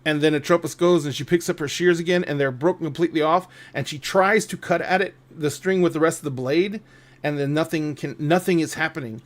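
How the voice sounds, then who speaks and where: A man narrating a tabletop game as game master, thoughtful and unhurried. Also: on the high side, fairly even intonation. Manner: slow, thoughtful, with restarts.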